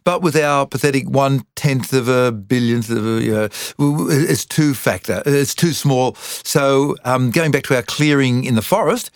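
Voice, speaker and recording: A man co-hosting a podcast, explaining science with enthusiasm in quick numbered lists. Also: mid-range voice, no echo, clean studio sound. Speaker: podcast co-host. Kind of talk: casual science chat.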